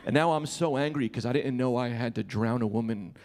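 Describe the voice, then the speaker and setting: A man in his thirties doing a stand-up comedy set, animated and shouting his punchlines. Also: medium pitch, brisk, a little hiss or hum. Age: 30s. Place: comedy club. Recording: live club with crowd laughter. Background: audience laughter.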